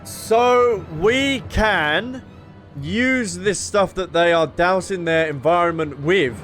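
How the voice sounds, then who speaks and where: A young man casually commenting on a game he is playing, joking and excitable. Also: high-pitched. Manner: jokey, excitable, laughing asides. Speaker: streamer. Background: faint game music.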